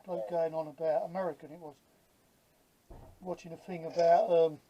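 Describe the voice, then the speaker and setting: Moderately paced and flat in delivery, this rather high male voice comes across in lo-fi sound. He's a Cockney Londoner in his fifties making models and chatting in a blunt, joking way, with plenty of swearing.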